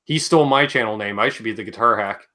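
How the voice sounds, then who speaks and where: A man's voice: on the low side, fast talker, pushed and bright. A man hosting a casual livestream chat, joking and reading viewer comments aloud. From Canada. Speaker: livestream host.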